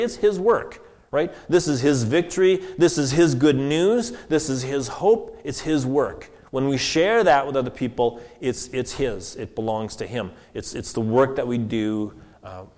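A man delivers a sermon in a casual, conversational way, often restarting his phrases and asking "right?" to check in. His voice sits at a middle pitch. It rings with a long reverb, as in a church hall. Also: darkish tone. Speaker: preacher.

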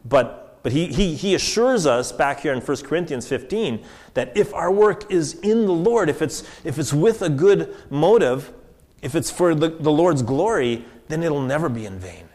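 A man's voice: fairly high pitch, animated, normal speed, a little mellow. A man preaching a sermon in a conversational way, restarting phrases and checking in with "right?". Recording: long echoing reverb.

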